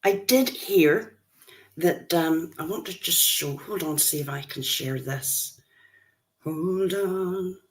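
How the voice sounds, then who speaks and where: A woman's voice: lowish voice, takes it slowly. A woman in her fifties, a grandmother, hosting a casual livestream and chatting with viewers, greeting them by name as they join. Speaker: livestream host.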